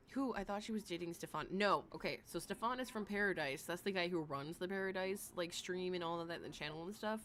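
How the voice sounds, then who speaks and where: A woman streamer chatting casually with her live chat, talking in a loose way full of likes and quick laughs. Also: lowish voice, a bit bright. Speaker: streamer reacting to a livestream.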